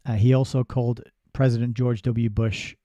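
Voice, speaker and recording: Male book reviewer with a deep, warm, dark tone and a dry close sound. He is sardonic and halting. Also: level tone, no room sound. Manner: sardonic asides with halting restarts. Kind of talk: casual spoken book review, reading passages aloud.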